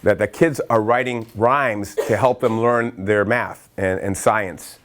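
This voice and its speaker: A middle-aged man from Massachusetts giving an energetic training talk to educators, telling stories in quick bursts with self-interruptions and acting out quotes. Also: on the low side. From Massachusetts, USA. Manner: lively storyteller who acts out quotes and breaks into chanting. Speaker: workshop speaker for educators.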